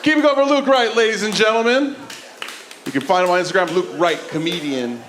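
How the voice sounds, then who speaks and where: Male comedy emcee, loose and crowd-hyping, fairly high voice. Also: brisk, background noise. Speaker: host. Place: comedy club stage.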